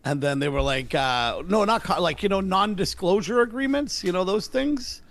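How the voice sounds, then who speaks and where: A middle-aged man, a comedian guest, telling stories in a casual interview and acting out the dialogue with lively voices. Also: sits high, normal speed. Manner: energetic, acts out dialogue with voices.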